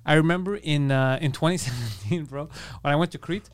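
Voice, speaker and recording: A man talks fast on a casual podcast, slightly high-pitched, telling rambling stories full of swearing. He jumps into the quoted lines of the people in his stories. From Greek family heritage. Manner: profane storytelling, acts out quotes. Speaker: podcast co-host. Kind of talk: casual chat.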